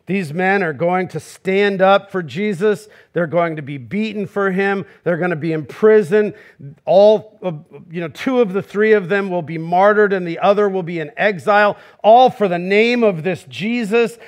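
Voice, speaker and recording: A male pastor preaching a sermon, emphatic and full of rhetorical questions, acting out quoted voices as he goes. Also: high-pitched.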